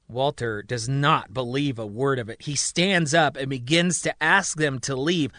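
A man narrating a fiction story and voicing its characters in an animated way. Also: a little slow, dry recording. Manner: animated, voices characters with raised pitch. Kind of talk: storytelling narration with voiced dialogue.

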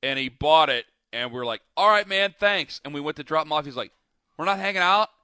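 A man's voice: on the high side, lively intonation, fairly quick, bright, forceful tone, clean tone, dry recording, studio quality. A man in casual chat, telling long rambling stories with lots of fillers and restarts.

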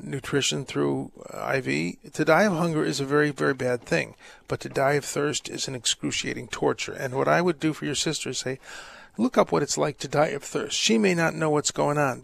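A man's voice: on the high side, fairly even intonation, brisk, a bit bright. A man, a priest hosting a call-in radio show, giving earnest pastoral advice with jovial asides. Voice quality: gravelly. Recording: dry close studio mic.

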